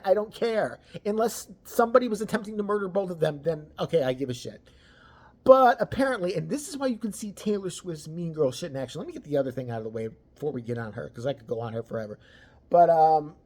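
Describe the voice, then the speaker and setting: Foul-mouthed mocking ranter. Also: medium pitch. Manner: crude, mocking, swears constantly; swings between loud outbursts and mutters. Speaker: celebrity gossip commentator. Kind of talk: profane ranting commentary.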